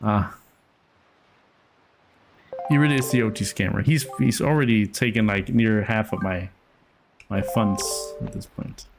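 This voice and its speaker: Rambling, gravelly-voiced man streaming a game. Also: on the low side, steady tone, a little slow, long pauses, low-quality recording. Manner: rambling, self-amused, stumbling over words. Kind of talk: casual gameplay commentary. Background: game music.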